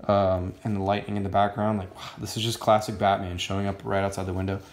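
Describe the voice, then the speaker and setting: A man's voice: sits low, level tone, fast talker, reverberant, slight background noise. A man giving a casual comic book review, rambling and filling his talk with "um" and "like". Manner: rambling, many fillers like "um" and "like".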